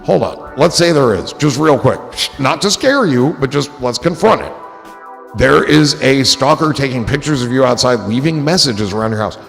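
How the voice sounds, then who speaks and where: Gravelly, joking man hosting a stream. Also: mid-range voice, expressive, moderate pace, a bit bright, in a large hall, faint music behind. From New Jersey. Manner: rambling, joking, profane. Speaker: livestream host reading chat. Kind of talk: casual chat.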